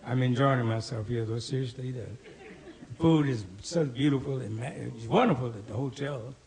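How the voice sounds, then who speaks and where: A man doing stand-up, telling old-school jokes with a gravelly voice and jumping high in pitch for the people in his stories. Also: normal speed, darkish tone. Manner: old-school punchline delivery, jumps up in pitch for quoted characters. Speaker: stand-up comedian.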